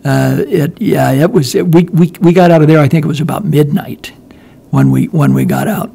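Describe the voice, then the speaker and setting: Gravelly, husky older man telling stories. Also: fairly high pitch, very animated, moderate pace, warm tone. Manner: rambling, restarts often, laughs while telling. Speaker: guest veteran storyteller. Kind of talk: casual storytelling chat.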